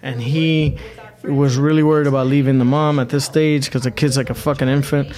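A man's voice: medium pitch, level tone, a little fast, a little mellow. A man telling long, crude anecdotes in casual podcast chat, blunt and profane, rambling from one aside to the next.

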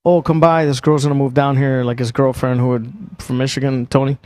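A man's voice: mid-range voice, little pitch movement, brisk, darkish tone, no echo. A man in his forties telling a long rambling story in casual chat, swearing freely and mocking himself. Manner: profane, rambling, self-mocking.

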